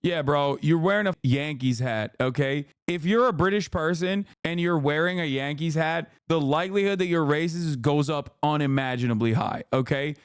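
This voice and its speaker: A man's voice: on the high side, normal speed, hardly any pauses, smooth. A man streaming, reacting to news clips in casual, blunt, slangy commentary. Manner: blunt, profane, slangy, lectures chat.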